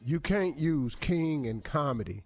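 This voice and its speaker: Brief: a lively, high-voiced male co-host, joking in banter over music. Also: a little slow, vocal fry. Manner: joking, playful, laughing asides. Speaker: radio co-host. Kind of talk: studio banter.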